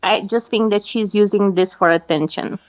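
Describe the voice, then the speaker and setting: A woman guest on a livestream, giving her opinions in a measured, hedging way with many fillers. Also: mid-range voice, steady tone, dull audio. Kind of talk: casual opinionated chat.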